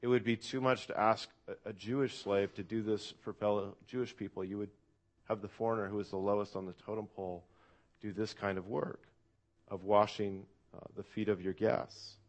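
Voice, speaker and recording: A man's voice: fairly low pitch, little pitch movement, moderate pace. A man preaching a sermon to a church congregation in an earnest, reflective way. He often asks the listeners questions and uses "uh" fillers. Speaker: pastor.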